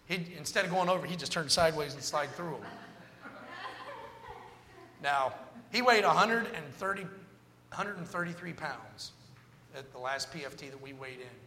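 A man's voice: on the high side, normal speed, long pauses, a little hiss or hum. A man telling a humorous personal story as part of a sermon, jumping between jokes and moral lessons. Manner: animated, joking anecdotes with moral lessons. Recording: long reverb of a large hall.

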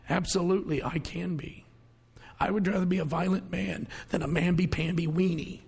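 Male pastor, high husky gravelly voice, folksy sermon with loud bursts and hushed asides, church hall reverb. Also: steady tone, normal speed. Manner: folksy, conversational preaching with sudden loud outbursts and hushed asides.

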